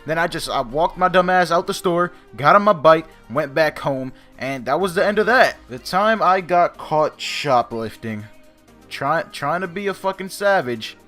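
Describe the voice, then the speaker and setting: A young man tells a story to his viewers in a casual, animated way. He swears freely and pokes fun at himself, in a slightly high voice. Faint music plays behind him. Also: normal speed. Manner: animated, profane, self-mocking. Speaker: vlogger.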